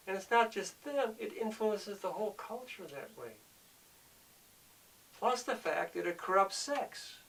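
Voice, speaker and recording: A man's voice: high-pitched, fairly bright tone, distant mic, poor audio. A man delivering an earnest, preachy monologue, often repeating himself as he presses his point. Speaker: speaker of the show.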